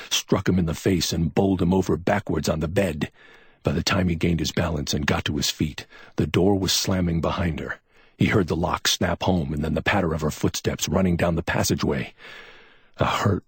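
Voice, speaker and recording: A man narrating a crime story in a measured, dramatic storytelling manner, recorded on a close mic. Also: low voice, breathy edge, no room sound. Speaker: audiobook narrator. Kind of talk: scripted narration.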